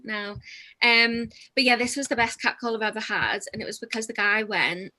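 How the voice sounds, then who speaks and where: A woman's voice: on the high side, moderate pace, bright, forceful tone, rough recording. A young woman comedian doing a chatty, self-deprecating stand-up set over a video call, laughing between jokes. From England.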